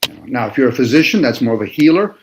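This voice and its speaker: A man with a middle-range voice talking through his views in a casual discussion. He lectures at an unhurried pace, turning words over to pull new meanings out of them. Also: medium pitch, sing-song, background noise. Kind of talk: casual philosophical chat.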